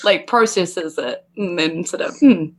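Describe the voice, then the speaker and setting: A woman's voice: on the low side, a little slow. A woman player describing her character's actions in a chatty, laughing style with many fillers. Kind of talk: tabletop game play.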